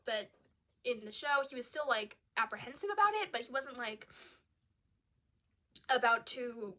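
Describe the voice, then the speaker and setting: A woman's voice: a little high, animated, normal speed, pushed and bright. A young woman giving a casual, chatty film review. She sounds exasperated and says "like" a lot. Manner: chatty, exasperated, uses "like" often. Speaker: video creator reviewing a film.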